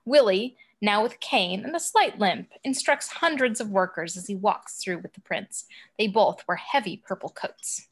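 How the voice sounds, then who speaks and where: A woman reads out the action descriptions of a script. Her tone is even and matter-of-fact, her voice mid-pitched. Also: moderate pace, slightly rough. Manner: plain, matter-of-fact reading. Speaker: narrator of stage directions. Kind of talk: reading a script aloud.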